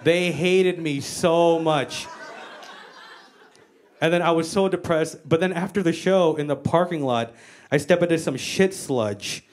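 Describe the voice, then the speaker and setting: A woman's voice: low-pitched, a little slow, darkish tone. An American woman doing a stand-up comedy set on stage, brash, profane and self-mocking. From United States. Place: comedy stage before a live audience.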